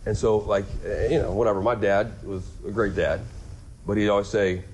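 A man's voice: lowish voice, steady tone, moderate pace, darkish tone, a little hiss or hum. A middle-aged man preaching a sermon as a pastor, conversational and earnest, often repeating words and rising for emphasis.

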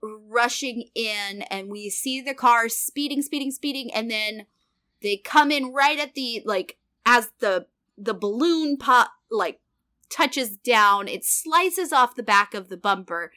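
A woman co-host chats about a TV episode with playful, wry asides. She speaks slowly, and her bright voice swings widely in pitch. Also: lively intonation. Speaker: podcast co-host. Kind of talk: casual chat about a TV episode.

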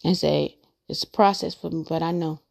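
A woman's voice: low-pitched, fairly even intonation, brisk, creaky, darkish tone. A woman hosting a podcast, talking through her faith in an earnest, rambling way and repeating her points for emphasis. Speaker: podcast host. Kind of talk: casual faith monologue.

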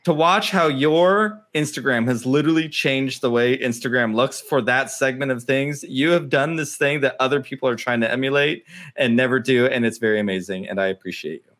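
A man's voice: mid-range voice, fairly quick, a bit bright. A man hosting a livestream podcast, speaking effusively and swearing casually. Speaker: podcast host.

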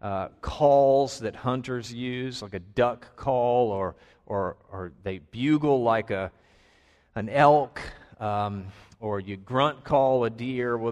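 A man preaching a sermon to his congregation, earnest, with dramatic pauses and rising emphasis. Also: mid-range voice, a little mellow. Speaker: pastor. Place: church sanctuary. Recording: long hall reverb.

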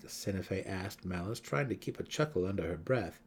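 A man giving a dramatic audiobook reading of a fantasy novel. His low, husky voice moves slowly and deliberately through the narration. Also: a little mellow. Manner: measured, deliberate storytelling.

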